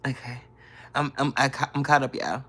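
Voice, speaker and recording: A woman's voice: rumbling low, fairly even intonation, normal speed, a bit bright, husky. A woman in her thirties hosting a casual live stream from her bedroom, teasing her viewers playfully and laughing often as she reads their comments. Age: 30s. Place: bedroom, in bed.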